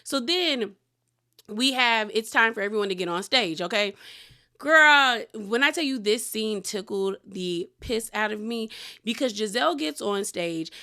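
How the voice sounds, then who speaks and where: A woman giving a casual, animated recap of a reality TV episode, chatty and exclaiming as she acts out quotes. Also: mid-range voice, moderate pace.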